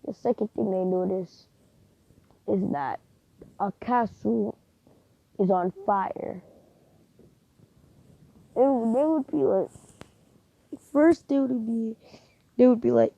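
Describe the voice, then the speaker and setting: Slow, rambling woman storyteller. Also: on the high side, vocal fry, dark tone, poor audio. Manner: rambling, hesitant, thinking aloud. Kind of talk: improvised fan fiction narration.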